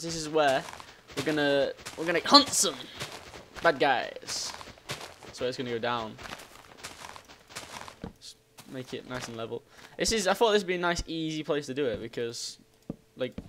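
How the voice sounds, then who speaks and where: A man hosting a gaming channel, giving rambling, excitable let's play commentary and exclaiming at the game. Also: fairly high pitch, slight background noise.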